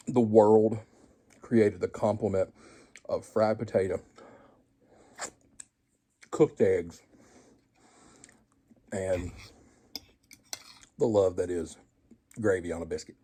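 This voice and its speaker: Folksy husky-voiced man. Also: lowish voice, fairly even intonation, slow pace, pauses often, dark tone. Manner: folksy, self-deprecating, joking asides to viewers. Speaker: home cooking show host. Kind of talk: casual cooking vlog, tasting and chatting.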